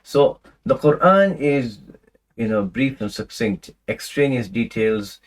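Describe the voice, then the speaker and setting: A man teaching a Quran commentary class in a relaxed, conversational way, full of fillers and restarts, now and then reciting Arabic verses. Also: mid-range voice, takes it slowly, low-quality recording. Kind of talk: casual lecture on scripture.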